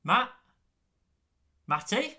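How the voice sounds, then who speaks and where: A man with a high, animated voice banters cheekily on a podcast. His tone is bright and forceful as he dodges questions. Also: extremely slow. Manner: evasive, cheeky. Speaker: podcast co-host. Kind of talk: casual chat.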